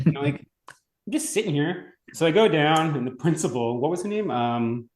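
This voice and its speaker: A man from Long Island telling school stories in casual chat, animated, swearing freely and laughing as he goes. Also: mid-range voice, brisk. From Long Island, New York. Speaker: podcast guest. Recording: roomy echoey room.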